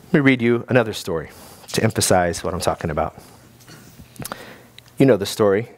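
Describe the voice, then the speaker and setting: A man, a guest pastor, preaching a sermon in a lively, conversational way with many restarts. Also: lowish voice, a little fast, pauses often.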